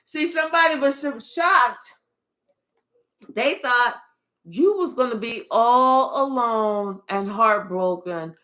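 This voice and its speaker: A woman giving a casual channeled reading, swearing often and telling playful, animated stories. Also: fairly high pitch, takes it slowly. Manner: profane, playful, animated storytelling. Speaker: spiritual tarot reader.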